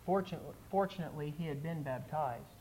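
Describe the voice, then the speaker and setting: An earnest male preacher delivers a sermon with emphasis. His voice sits somewhat higher than most men's. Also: fast talker, a little mellow, slight background noise, poor audio.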